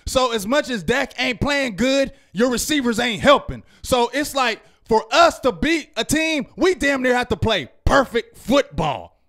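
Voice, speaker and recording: Fired-up high-voiced man ranting loudly. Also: lively intonation, unhurried. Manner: loud, fired-up, repetitive, yells at times. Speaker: sports reaction show host. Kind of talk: heated fan rant.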